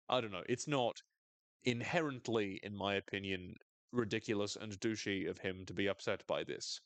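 A British man co-hosting a podcast, talking through a TV episode in a loose, sweary, joking way. His voice sits low but swings up and down a lot. The recording is dry and close. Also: no room sound. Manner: animated and sweary, jokes often. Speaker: podcast co-host. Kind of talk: casual recap chat.

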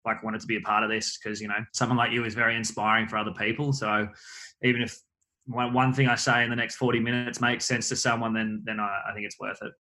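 An Australian man talks fast as a podcast guest, loose and offhand with casual swearing. His voice has a bright, sharp edge, and he rattles words out quickly. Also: lowish voice, level tone. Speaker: guest, photographer.

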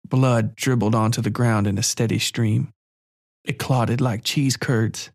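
A man narrating a first-person horror story in a measured, quiet, calm way. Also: medium pitch, no echo, clean studio sound.

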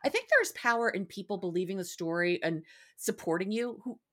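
A woman's voice: mid-range voice, lively intonation, a little fast, a bit bright. A young adult woman co-hosting a podcast, reacting bluntly and swearing freely in casual chat. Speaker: podcast co-host.

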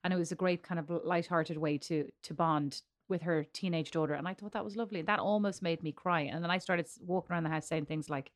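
A woman's voice: fairly low pitch, fairly even intonation, quick pace, hardly any pauses. A middle-aged woman with an Irish accent co-hosting a podcast in casual chat, teasing and rambling, laughing often. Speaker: podcast co-host.

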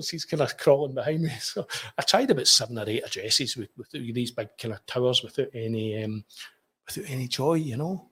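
A middle-aged Scottish journalist telling a story as a podcast guest, chatty, with quick asides and restarts. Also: male voice, mid-range voice, a bit bright, breathy edge. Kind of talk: anecdotal storytelling.

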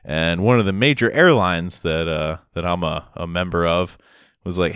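Brief: casual podcast co-host, man, rambling sarcastic storyteller, smooth resonant voice, dry close sound. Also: deep voice, moderate pace, a bit bright, dry recording. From Massachusetts. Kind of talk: casual chat.

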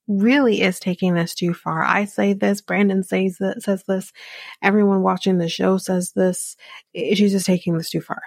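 A woman's voice: medium pitch, gravelly, darkish tone, dry recording. A woman hosting a podcast, casually recapping a reality show in a chatty, opinionated way with frequent ums and asides.

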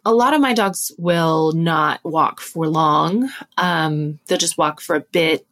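A woman with a North American accent chatting as an interview guest, telling stories in a relaxed way. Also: sits low, slow. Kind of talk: casual interview chat.

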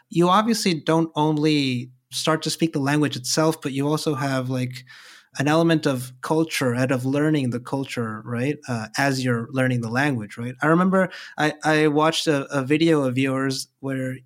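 An interviewer with a voice of ordinary pitch, chatting casually with a guest. The questions are curious and friendly, and phrases often end in a quick "right?" to check in.

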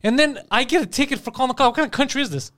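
Fast-talking high-voiced man. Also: fairly bright tone, no room sound, studio quality. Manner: rapid, profane, acts out quoted voices. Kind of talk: casual chat.

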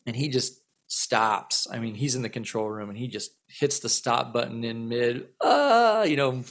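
A man's voice: mid-range voice, level tone, normal speed, fairly bright tone. A man in his thirties, a musician guest in an interview, telling a long story in a casual, rambling way with many fillers and repeated words.

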